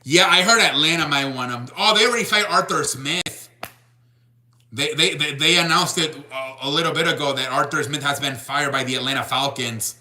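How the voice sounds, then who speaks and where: A young man hosting a sports stream, talking loosely to his chat with lots of restarts. His voice sits a bit high and sounds bright and forceful. He keeps it casual and unscripted. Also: normal speed. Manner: rambling, restarts, reads chat aloud. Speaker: sports show host.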